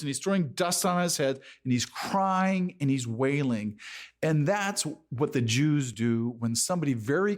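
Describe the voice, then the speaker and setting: A man preaching a verse-by-verse sermon, slowly, often restarting and repeating words. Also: a little high. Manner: slow, with repeated restarts and frequent stammered words. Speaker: pastor.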